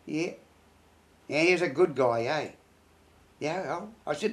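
An older man, a war veteran, reminiscing in an interview in a halting, rambling way, full of restarts and tag phrases. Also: fairly high pitch, animated. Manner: rambling, halting, many restarts and "you know".

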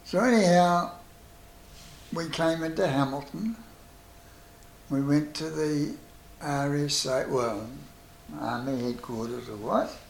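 A man's voice: on the high side, slow, creaky, pauses often, slight background noise. An older man with a New Zealand accent, telling wartime stories as a veteran and acting out both sides of each conversation. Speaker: veteran interviewee. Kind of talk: oral history storytelling. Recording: roomy echo.

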